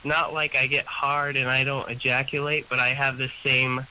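A man's voice: mid-range voice, little pitch movement, bright, forceful tone, a little hiss or hum, low-quality recording. Hesitant young male caller. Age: 20s. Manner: hesitant, halting, full of fillers. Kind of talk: phone-in confession.

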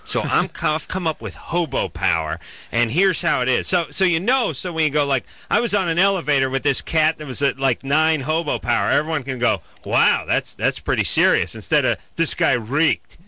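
Animated joking male radio host. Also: a little high, fairly quick, dry recording. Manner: animated, joking, loud bursts of mock outrage. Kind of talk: casual call-in radio banter.

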